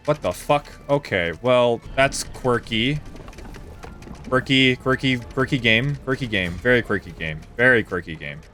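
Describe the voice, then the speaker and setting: A man's voice: medium pitch, measured pace, sharp tone, faint music behind. A man streaming a speedrun, giving loose live gameplay commentary, swearing freely and talking to his chat.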